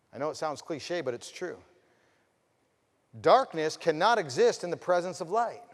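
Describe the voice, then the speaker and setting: A man delivers a motivational keynote in a large hall, and the long reverb trails after his words. His voice sits a little high for a man. He swings between fired-up, loud bursts and quiet, intimate stretches while he asks the crowd direct questions. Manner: addresses the audience directly with questions. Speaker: motivational speaker. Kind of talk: storytelling keynote speech.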